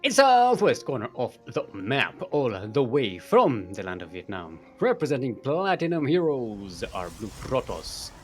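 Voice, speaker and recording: A male esports caster with a middle-pitched voice that jumps all over as he calls the action. He rambles from joke to joke, chuckling and filling gaps with ums and uhs. Faint music plays under him. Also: huge pitch swings, measured pace, hardly any pauses. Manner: rambling, jokey, chuckling, many fillers. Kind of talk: live game commentary.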